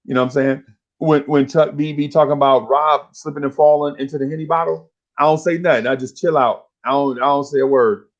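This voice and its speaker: A man's voice: a little high, fairly quick, muffled recording. A man, hosting a casual podcast chat and telling stories with slang and acted-out voices. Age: 50s. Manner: animated storyteller, slangy, acts out voices. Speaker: show host.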